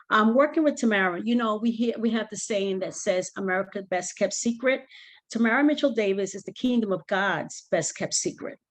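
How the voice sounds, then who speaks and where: A woman coauthor on a video call giving a fervent testimony and repeating her key phrases for emphasis. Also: mid-range voice. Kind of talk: testimony in a book talk.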